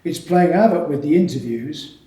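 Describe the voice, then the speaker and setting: A man voicing a hearty former guardsman working as a college head porter, booming and loud, in an echoey room. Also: animated, moderate pace, close to an everyday voice. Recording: echoey room, mic from afar.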